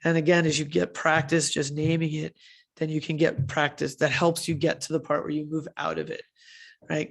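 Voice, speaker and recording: Woman speaker, chatty leadership talk, kinda gravelly, lots of "right?". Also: low voice. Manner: chatty, often tags "right?" and self-corrects with fillers. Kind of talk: conversational conference talk.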